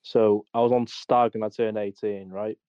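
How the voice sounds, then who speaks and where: A man's voice: lowish voice, level tone, normal speed, mellow, smooth, no room sound. A young man co-hosting a podcast, telling army stories in a rambling, sweary way with lots of restarts. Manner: rambling storyteller, heavy swearing, many restarts. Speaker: podcast co-host. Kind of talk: casual army stories chat. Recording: dull dry lo-fi audio.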